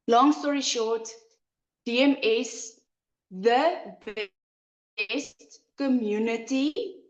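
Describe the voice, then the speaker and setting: Woman telling her own story, heartfelt testimonial vibe, kinda dull muffled sound. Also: mid-range voice. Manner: earnest, heartfelt storytelling, re-enacting her own past thoughts. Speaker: online business member sharing her story. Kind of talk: personal testimonial. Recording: roomy, slightly muffled.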